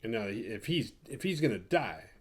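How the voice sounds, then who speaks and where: A man's voice: lowish voice, very animated, normal speed, slightly rough. A man hosting a podcast, recapping a horror movie casually with a lot of swearing and acting out the characters. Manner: profane, rambling, acts out the characters. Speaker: podcast host.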